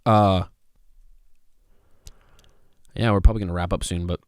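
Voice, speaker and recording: A man hosting a casual solo podcast, sounding stuffy and talking excitably, exclaiming and swearing casually. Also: low voice, racing, no room sound, clean studio sound. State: stuffy, congested. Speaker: podcast host.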